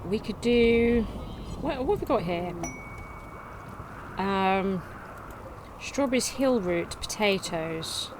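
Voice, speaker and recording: A woman's voice: mid-range voice, slow, long pauses, noisy background. Chatty woman narrating her colony game. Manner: chatty, reads game text aloud, excitable outbursts. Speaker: let's play gamer. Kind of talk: casual gameplay commentary.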